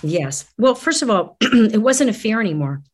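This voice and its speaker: A woman's voice: mid-range voice, sing-song, moderate pace. A middle-aged woman, a guest in conversation, speaking earnestly and reflectively, often restarting her phrases. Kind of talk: candid conversation.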